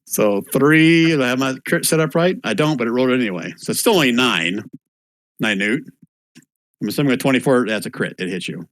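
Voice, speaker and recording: A man running a tabletop game online as dungeon master, relaxed and thinking aloud as he rules. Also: mid-range voice, brisk, no room sound.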